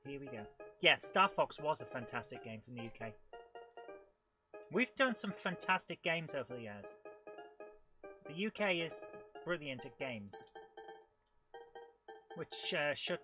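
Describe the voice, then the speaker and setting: A man's voice: a little high, unhurried, pauses often, music in the background. Chatty British man narrating his gameplay. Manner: chatty, self-mocking, makes beeping car noises; excitable while playing. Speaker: host. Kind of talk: live retro gameplay commentary.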